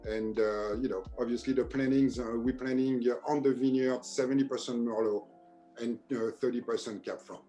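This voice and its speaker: A man's voice: mid-range voice, fairly even intonation, normal speed, dark tone, faint music behind. A man with a French accent, a wine merchant guest, giving facts hesitantly with many fillers. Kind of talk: casual chat on a video tasting.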